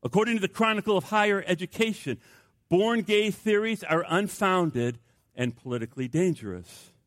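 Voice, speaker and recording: An older male pastor delivers a sermon in a fairly high voice, telling stories with lively emphasis and then dropping to hushed, quiet passages. The sound is dry and close, with no room echo. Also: moderate pace. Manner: animated storytelling, swinging from loud emphasis to hushed tones.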